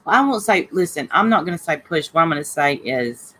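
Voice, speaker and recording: A woman's voice: low voice, animated, fairly quick, bright, forceful tone, slight background noise, rough recording. Blunt, chatty woman on a livestream. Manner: chatty, greets viewers by name, blunt and fired up. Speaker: livestream host reading chat. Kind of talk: casual livestream chat.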